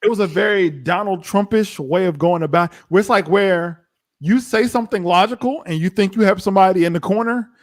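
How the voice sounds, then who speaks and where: A man co-hosting a casual live review chat, telling stories in an animated way and acting out what people said. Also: high voice, brisk. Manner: animated storytelling, acts out quotes. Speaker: co-host of a reality TV review show.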